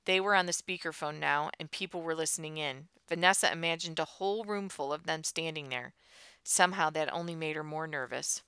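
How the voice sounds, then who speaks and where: Woman reading a tense audiobook, lowish voice, super crisp and smooth. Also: brisk, sharp tone, no echo. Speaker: narrator. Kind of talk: audiobook narration.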